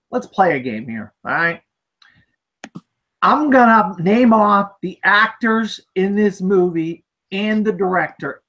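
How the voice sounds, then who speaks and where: A woman's voice: on the low side, a bit bright. A woman co-hosting a casual movie talk show, speaking with emphatic, exasperated outbursts. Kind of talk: casual chat.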